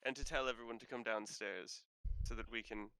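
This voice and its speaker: Bright, smooth-voiced hesitant player. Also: male voice, fairly low pitch, fairly even intonation, fairly quick, no echo, low-quality recording. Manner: hesitant, filler-heavy. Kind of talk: tabletop game chat.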